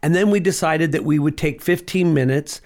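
A middle-aged man tells a personal faith story in an earnest, emotional way. His voice is fairly high for a man. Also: moderate pace, darkish tone. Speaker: guest. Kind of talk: personal testimony in an interview.

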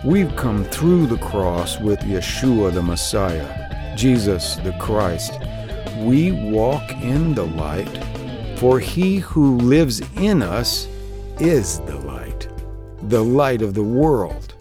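A man hosting a Christian talk show, preaching in a slow, fervent cadence before interviewing his guest. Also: fairly low pitch, big pitch swings. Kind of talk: preaching monologue, then interview. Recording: music bed of guitar behind.

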